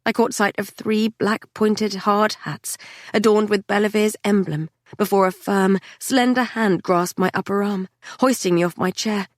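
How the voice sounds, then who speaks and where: A woman reads a dark fantasy novel aloud in a steady, measured way. Her voice sits at a middle pitch, and the recording is dry and close with no room sound. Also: no echo. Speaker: audiobook narrator. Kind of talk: scripted audiobook narration.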